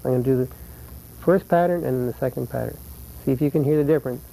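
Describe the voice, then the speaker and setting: A man teaching flamenco guitar, explaining rhythm patterns patiently and counting beats aloud slowly. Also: medium pitch, creaky, dark tone, rough recording. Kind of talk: instructional lesson.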